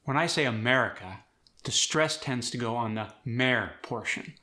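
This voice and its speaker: A man hosting an accent lesson, walking through each sound clearly and cheering the viewer on. His voice sits at a middle pitch and rings bright and forceful. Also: moderate pace. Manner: clear, demonstrative, encouraging. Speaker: accent coach. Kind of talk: accent tutorial.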